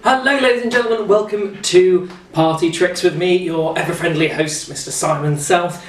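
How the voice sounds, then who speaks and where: A man's voice: sits high, moderate pace, hardly any pauses, distant mic. An English man hosting a casual talk show, chatty and rambling with lots of fillers, a little out of breath. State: slightly out of breath. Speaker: host. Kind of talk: casual chat and card trick demo. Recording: roomy echo, off-mic, faint noise.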